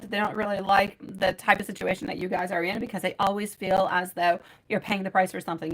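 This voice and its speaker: A woman's voice: medium pitch, fairly bright tone, poor audio. A woman giving live tarot readings to viewers, chatty and affectionate, calling them sweetie and my love. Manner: chatty, reads out viewer names and questions. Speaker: tarot reader.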